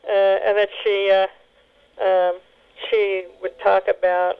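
A woman telling family memories in an oral history interview, halting with many fillers and restarts. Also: medium pitch, level tone, smooth. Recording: tinny phone line.

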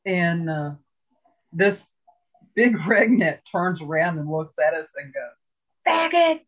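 A man's voice: a little high, takes it slowly. A man in an interview telling stories in a rambling, chatty way, with lots of fillers and restarts. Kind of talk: casual storytelling interview. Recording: phone-like narrow sound.

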